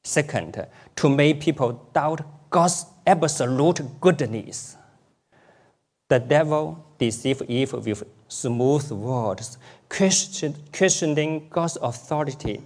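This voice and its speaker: A male preacher delivers a sermon in an unhurried, measured way. His voice sits a little high for a man. He repeats his main points word for word so they sink in. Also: a little mellow. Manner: deliberate, repeats key phrases for emphasis.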